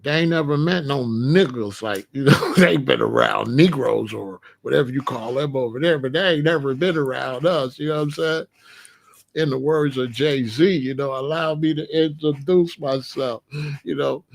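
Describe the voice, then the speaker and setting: Loose-talking man, higher voice. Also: normal speed, vocal fry. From Chicago. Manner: loose, laughing, repeats "you know what I'm saying". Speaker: commentary vlogger. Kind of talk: casual commentary monologue.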